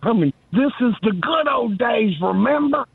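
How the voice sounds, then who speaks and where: A man's voice: very high-pitched, lively intonation, normal speed, gravelly, breathy edge, no room sound. A man calling a radio show, rambling in a folksy, teasing way. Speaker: caller. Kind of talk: rambling phone-in rant. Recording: tinny phone line.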